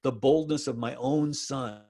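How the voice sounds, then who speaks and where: Man preaching, middle-aged, storytelling sermon, mid-pitched voice, slows down for emphasis. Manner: storytelling, animated bursts, slowing for emphasis. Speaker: pastor.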